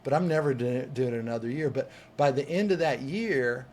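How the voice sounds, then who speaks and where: A man, a coach and podcast guest, telling a personal story in an animated way, acting out what people said and restarting words as he goes. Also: medium pitch, brisk, slight background noise. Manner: lively, acts out quoted voices, restarts words.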